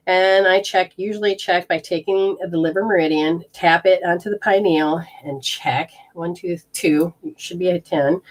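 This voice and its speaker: Rambling woman leading a healing session. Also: fairly low pitch. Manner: rambling, self-interrupting, explains hands-on techniques. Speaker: energy healer.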